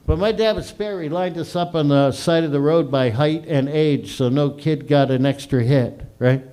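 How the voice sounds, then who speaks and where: Middle-aged guy doing standup, swears a lot, rambly stories, slightly high voice, on a club mic. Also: moderate pace, few pauses, warm tone, smooth. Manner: profane, rambling, crude storytelling. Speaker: open mic host and comedian. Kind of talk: stand-up comedy storytelling. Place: small comedy stage.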